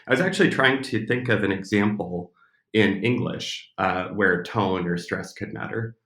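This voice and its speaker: A man's voice: fairly low pitch, expressive, moderate pace, fairly bright tone. An American man being interviewed as an expert, speaking thoughtfully with hesitations and restarts. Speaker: podcast guest, speech technology expert. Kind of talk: casual interview talk. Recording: roomy echo.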